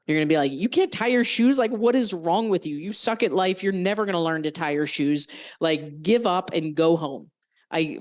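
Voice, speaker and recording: A young adult woman hosting a coaching podcast, talking frankly and swearing casually as she explains mindset exercises. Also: deep voice. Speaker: podcast host and fitness coach.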